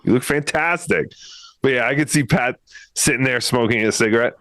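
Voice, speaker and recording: A man's voice: mid-range voice, a little fast, fairly bright tone, no room sound, lightly acted. A man voicing a chatty, agreeable male puppet guest on a casual talk stream, chuckling along. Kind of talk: casual chat.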